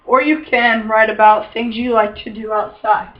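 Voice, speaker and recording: Young female student teacher, clear and teacherly; lo-fi classroom sound. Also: a little high, steady tone, normal speed. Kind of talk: picture-book read-aloud and lesson.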